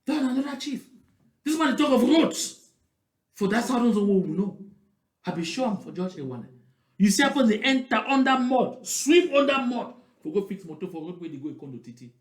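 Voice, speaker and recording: Emphatic Cameroonian Pidgin commentator, high voice. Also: male voice, very animated, fairly quick. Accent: Cameroonian Pidgin English. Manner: emphatic, repetitive, full of rhetorical questions. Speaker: political commentator. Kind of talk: political commentary. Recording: roomy echo.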